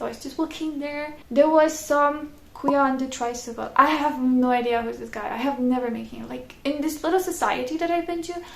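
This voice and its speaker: Brief: young woman vlogger, high gravelly voice, chatty storyteller, echoey room. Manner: chatty, laughing often, frequent "like" fillers. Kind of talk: casual storytelling.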